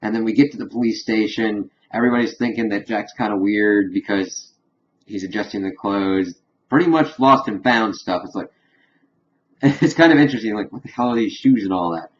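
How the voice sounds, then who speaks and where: A man with a somewhat low voice recaps a TV episode in a loose, rambling way. He fills his retelling with casual fillers and loses his thread now and then. The recording sounds dull and lo-fi, with the top end rolled off. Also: a little fast, slight background noise. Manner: rambling, filler-heavy storytelling. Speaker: TV episode reviewer.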